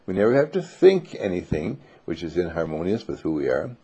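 A man giving an inspirational spiritual talk, animated and breaking into laughs, acting out the voices he quotes. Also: low voice, fairly quick, breathy edge. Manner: laughs between phrases. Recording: dull lo-fi recording.

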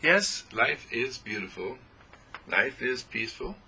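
A man's voice: on the low side, very animated, unhurried, sharp tone, slight background noise, poor audio. A man giving an inspirational spiritual talk, speaking in repetitive, soothing affirmations. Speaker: spiritual teacher.

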